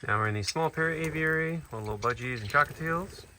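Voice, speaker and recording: A man who keeps an animal sanctuary, narrating a casual vlog and chatting gently to the animals. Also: a little high, quick pace, a little hiss or hum. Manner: relaxed, chatty, speaks softly to the animals.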